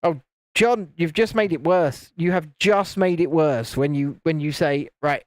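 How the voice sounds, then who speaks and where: Steady in tone and moderate in pace, on a dry recording, a British man chats casually during a LEGO-building live stream. He teases his friends, mimicking them in higher voices, and reads viewer comments aloud.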